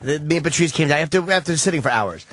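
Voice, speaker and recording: Fast-talking man telling anecdotes. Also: fairly high pitch, animated, a bit bright, dry recording. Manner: quick anecdotal storytelling with fillers. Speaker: comedian guest. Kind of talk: casual radio chat.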